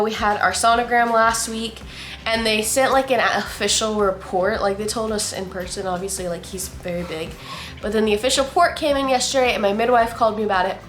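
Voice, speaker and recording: A bubbly young woman talks chattily at home in a high, bright-pitched voice. She is pregnant and getting over a cold, and she gushes as she goes. The room is echoey, and faint music plays underneath. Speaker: vlogger. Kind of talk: casual vlog chat.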